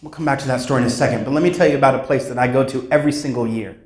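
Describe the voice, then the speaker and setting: A man giving a keynote speech at a conference, telling a story with dramatic pauses and acted-out sounds. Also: mid-range voice. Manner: dramatic storyteller, acts out sounds and voices, slows for emphasis. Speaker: keynote speaker. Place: conference hall. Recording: echoey hall sound.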